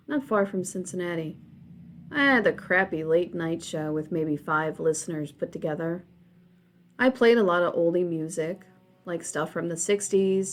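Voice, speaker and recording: A woman reading a first-person horror story as scripted narration, measured and steady. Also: fairly low pitch.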